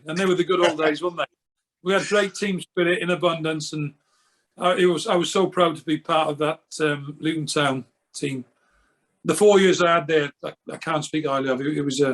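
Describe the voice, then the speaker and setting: Older man from Wales, higher pitch, earnest, a little halting, conversational. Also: fairly bright tone. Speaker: guest, goalkeeping coach. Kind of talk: casual interview.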